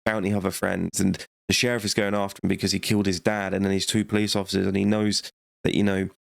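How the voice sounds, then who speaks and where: A man's voice: low voice, flat delivery, fast talker, creaky, no room sound, clean studio sound. A man casually reviewing a movie, rambling and joking, laughing often and swearing.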